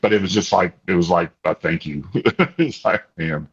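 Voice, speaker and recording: A man, an interview guest and family spokesman, telling stories in an excitable, animated way with many restarts. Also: low-pitched, moderate pace. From Kansas. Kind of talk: casual interview storytelling. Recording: slightly dull lo-fi audio.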